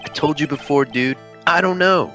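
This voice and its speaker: A man's voice: a little high, moderate pace, a bit bright, soft background music, lightly acted. A man voicing a laid-back young surfer dude with a drawling, slangy, evasive manner, fan voice acting a game.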